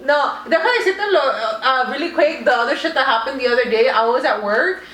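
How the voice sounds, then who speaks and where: A woman's voice: high-pitched, animated, fast, fairly bright tone. A young woman, animatedly telling a story on a podcast, swearing and switching between English and Spanish. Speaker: podcast co-host. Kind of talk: casual storytelling chat. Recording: echoey room.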